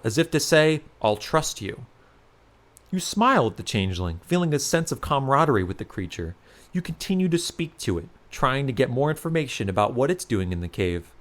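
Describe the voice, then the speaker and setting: A man narrating a second-person fantasy adventure story aloud, in an expressive reading style. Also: mid-range voice.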